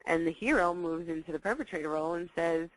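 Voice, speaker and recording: A woman educator giving a recorded teaching talk to parents, repeating key points and acting out dialogues in lively voices. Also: lowish voice, quick pace, low-quality recording.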